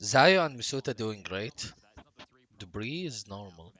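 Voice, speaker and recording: A man's voice: lowish voice, no room sound. Man chatting on stream. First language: Arabic. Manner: relaxed, chatty, halting non-native English. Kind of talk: casual live-stream chat.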